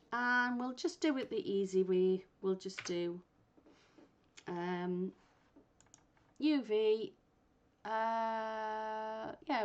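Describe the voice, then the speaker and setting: A woman instructor guiding learners step by step through a software tutorial, thinking aloud as she works. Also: a little high. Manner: patient, thinks aloud while working. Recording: muffled lo-fi recording.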